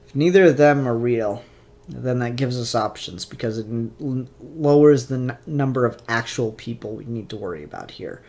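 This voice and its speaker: A man's voice: mid-range voice, expressive, normal speed, darkish tone. A man voicing a cocky, sarcastic young boy hero while retelling a comic. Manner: tough-talking, sarcastic.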